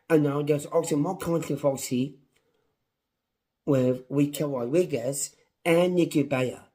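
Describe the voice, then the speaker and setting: A man's voice: medium pitch, dark tone. A man reviewing a wrestling show on his own, in a passionate, repetitive rant. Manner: impassioned, ranting, repetitive. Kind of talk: casual solo review.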